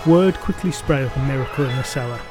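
A man narrating a folk tale with a measured, dramatic and wryly humorous delivery. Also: medium pitch, over music. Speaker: storyteller. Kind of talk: scripted storytelling narration.

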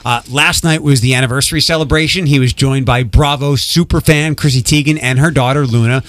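A male radio host chats his way through the day's entertainment news at an ordinary pitch. He talks loosely and casually into a studio microphone, and the sound is close and dry with no room echo. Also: fairly even intonation, a little fast, a bit bright. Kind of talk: casual morning radio chat.

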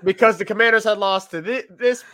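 Bright-voiced man in casual sports chat. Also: high-pitched, brisk. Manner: chatty, laughs often, many fillers. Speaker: sports podcast co-host.

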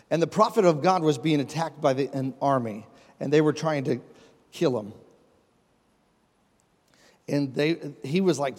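A man's voice: mid-range voice, breathy edge. A man preaching a sermon as pastor, talking conversationally, calling on the congregation and building repeated phrases with rising emphasis. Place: church sanctuary. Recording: long reverb of a large hall.

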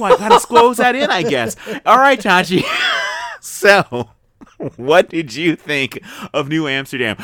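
A man hosting a TV review podcast in casual chat, excitable and rambling, laughing often. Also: a little high, dry recording, studio quality.

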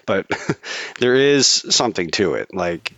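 Low-voiced man ranting casually. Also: expressive, slow, bright, forceful tone, no room sound, highs cut off. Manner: opinionated, swears freely, rambling restarts. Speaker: podcast co-host. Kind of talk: casual chat.

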